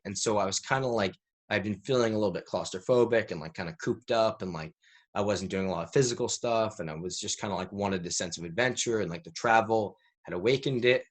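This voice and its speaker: A man in his thirties, a podcast guest telling a rambling story in casual interview talk, peppered with "like". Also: on the low side. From United States. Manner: rambling, animated storyteller who fills with "like".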